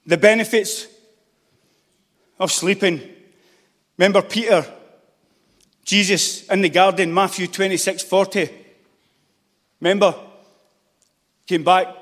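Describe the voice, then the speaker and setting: A man with a strikingly high voice delivers a fervent sermon, driving his points home with repeated calls and exclamations. His voice rings out in a large hall, trailed by a long, echoing reverb. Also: unhurried, pauses often, a bit bright. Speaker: preacher.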